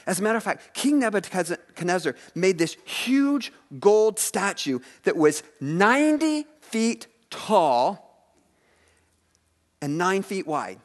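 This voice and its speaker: A man preaching a sermon, retelling scripture stories in a lively way and asking his listeners questions. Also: high-pitched, takes it slowly. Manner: animated storytelling preacher, asks the audience questions. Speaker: pastor.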